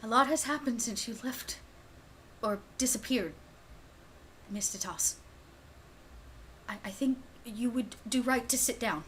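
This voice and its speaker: A woman voicing a caring male family butler who speaks gently, at times in a hush, in a tabletop game. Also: a little high, unhurried, long pauses, a little hiss or hum. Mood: grave.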